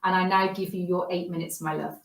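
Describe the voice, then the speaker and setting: A woman's voice: on the low side, little pitch movement, brisk. Woman host, effusive praise, far from mic, roomy echo. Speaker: host introducing a speaker. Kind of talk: warm introduction speech.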